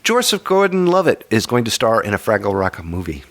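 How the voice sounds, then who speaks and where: A man with a very low, deep voice hosts a relaxed podcast chat. He rambles through stories and jokes, often amused by his own punchlines. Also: brisk. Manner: rambling, jokey, self-amused. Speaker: podcast host. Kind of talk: casual chat.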